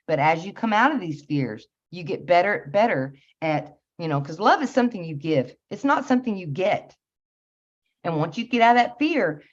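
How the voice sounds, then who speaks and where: A woman giving a casual spiritual talk, earnest and meandering, with soft laughs and many fillers. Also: lowish voice. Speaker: spiritual channel host. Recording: slightly dull lo-fi audio.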